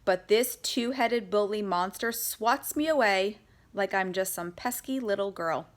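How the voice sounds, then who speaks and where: A woman's voice: mid-range voice, unhurried. A woman narrating a children's chapter book in the first person of a young girl, doing character voices for the dialogue. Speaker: audiobook reader.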